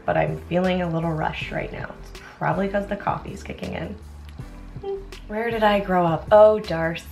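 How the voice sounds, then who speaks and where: A woman's voice: fairly low pitch, creaky. A young American woman chatting in a rambling way while doing her makeup, often interrupting herself with asides. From United States. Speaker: beauty vlogger.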